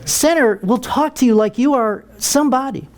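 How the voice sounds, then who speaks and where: A man's voice: very high voice, moderate pace. An older American man, a retired military pilot, telling a humorous story to an audience in a wry, comic way. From United States. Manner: wry, comic, acts out quoted voices.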